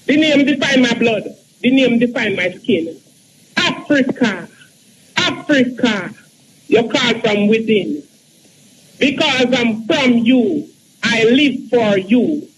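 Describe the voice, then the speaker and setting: A Jamaican man in his thirties reciting his own poem slowly, with earnest, chanting repetition. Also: very high-pitched, lively intonation, noisy background. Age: 30s. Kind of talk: slow spoken-word poetry.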